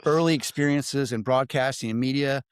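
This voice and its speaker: A man hosting a business podcast, reading a polished guest introduction and asking relaxed questions. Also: mid-range voice, normal speed, clear, resonant tone, no room sound, clean studio sound. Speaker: podcast host. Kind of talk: interview host, read introduction.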